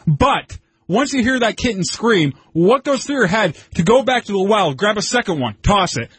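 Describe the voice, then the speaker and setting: Male co-host, slightly high, husky, deadpan dark humor, dry mic. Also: normal speed, dry recording. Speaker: radio co-host. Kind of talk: casual radio banter.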